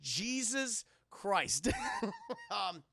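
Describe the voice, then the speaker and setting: A man's voice: high voice, very animated, very slow, vocal fry, pushed and bright, no echo, studio quality. A man live-streaming a casual, profane film breakdown, rambling and joking while talking to his chat. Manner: rambling, profane, jokey, keeps addressing chat.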